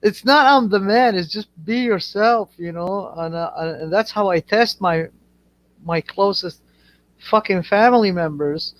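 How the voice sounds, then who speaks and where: A man's voice: sits high, measured pace. A man from Iraq chatting casually, telling stories crudely with lots of swearing. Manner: crude, swears freely, animated storyteller. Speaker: channel host. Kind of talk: casual chat. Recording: dull lo-fi audio.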